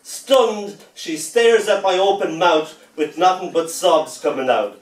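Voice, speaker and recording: A man giving a poetry reading to a festival audience, playful and theatrical, stretching out words and pausing for effect. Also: on the high side. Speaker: poet. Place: festival venue indoors. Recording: echoey room, mic far off.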